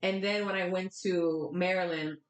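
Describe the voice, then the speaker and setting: Podcast guest: young woman from Florida, lowish voice, chatty and blunt, recorded in an echoey room. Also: normal speed. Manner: animated, candid storytelling with casual swearing. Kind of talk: casual chat.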